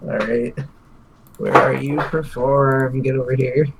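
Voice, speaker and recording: A man's voice: mid-range voice, flat delivery, slow pace, creaky, a loud crowd, low-quality recording. A man playing a tabletop role-playing game, chatting casually with frequent fillers. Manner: casual, laughing, filler-heavy. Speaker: player.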